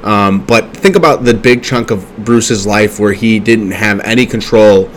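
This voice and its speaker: A man's voice: lowish voice, measured pace, slight background noise. A man giving a casual, enthusiastic fan recap of an episode, chatty and full of small restarts. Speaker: show recapper.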